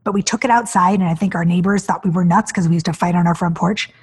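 A woman in her forties hosting a podcast, telling her own story in an animated, emotional way. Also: fast, breathy edge. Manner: animated, acts out quoted voices with big pitch jumps; emotional, near tears. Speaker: podcast host. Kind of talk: personal storytelling monologue.

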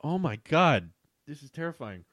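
A young man reading his old childhood book aloud and joking about it in an incredulous, animated way. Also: on the high side, normal speed, no room sound, studio quality. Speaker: video host.

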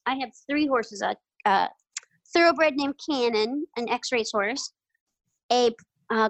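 A high-voiced woman, guesting on an interview, relaxes into casual storytelling full of "like," "you know," and frequent laughter. There's no echo, but the audio is poor.

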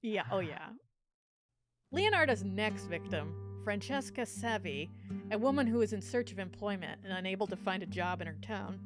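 A woman's voice: medium pitch, animated, moderate pace, over music. A woman co-hosting a podcast, chatting and telling a true crime story in a loose, giggly way full of "like.". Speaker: podcast co-host.

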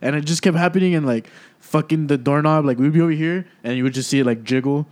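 A man's voice: fairly high pitch, a little mellow. A young man jumping into a friend's story in casual chat, cursing and adding details. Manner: fast, chiming in, cursing.

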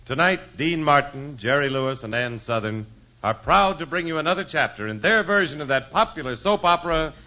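Formal bright male radio announcer. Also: animated, brisk. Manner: booming, formal. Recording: dull old radio broadcast with music.

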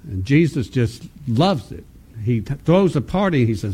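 Animated male preacher telling a testimony. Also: medium pitch, normal speed, a little hiss or hum. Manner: animated storytelling, acts out dialogue with laughter; stammering restarts when speaking reflectively. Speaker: conference speaker. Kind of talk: sermon with personal testimony.

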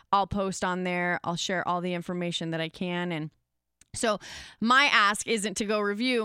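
Woman, podcast host, candid casual chat, chatty storyteller, smooth clear voice, dry close mic. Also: mid-range voice, fairly bright tone, no echo. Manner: open, chatty storyteller with many fillers. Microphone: podcast microphone.

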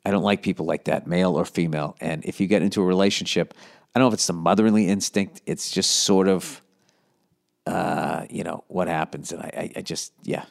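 Low, steady and fairly quick, with vocal fry, a man's voice hosts a podcast. He reads listener letters and fires off blunt, profane, meandering advice in a casual rant of mock exasperation.

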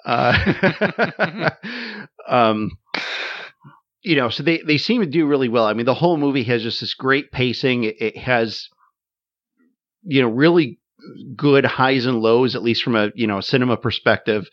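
A man's voice: medium pitch, a little slow, no echo. A man in casual conversation, talking thoughtfully with frequent fillers and restarts. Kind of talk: casual conversation about a war film. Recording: slightly dull, dry sound.

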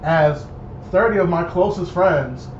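Brief: young man, casual storyteller, higher voice, dull echoey noisy recording. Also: a little slow. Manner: animated, acts out voices in his story. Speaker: storyteller guest. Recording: echoey dull room with noise.

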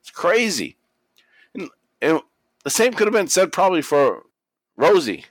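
His voice is high and a bit slow, captured in a dry recording. The podcast co-host recaps a wrestling tale in relaxed banter, storytelling with animation, cursing openly, and dramatizing the quotes.

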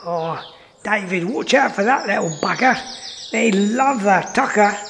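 A Scottish man putting on a brash male wildlife presenter with a put-on Australian twang, shouting and gushing over every creature in a high, gravelly voice. He talks in bursts of exclamation, and the sound trails off into a long reverb. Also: expressive, unhurried, a little hiss or hum, exaggerated voice. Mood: excited. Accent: mock Australian.

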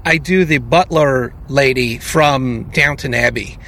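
A man's voice: medium pitch, unhurried, bright, forceful tone, a little hiss or hum. A young adult man co-hosting a podcast, chatting casually and often cutting in with asides. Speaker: podcast co-host. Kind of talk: casual chat.

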